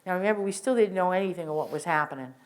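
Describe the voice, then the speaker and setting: A woman's voice: lowish voice, expressive, very fast. Older woman giving an earnest spoken testimony. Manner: earnest, vivid storytelling with frequent restarts. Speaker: witness sharing testimony. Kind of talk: first-person spoken testimony.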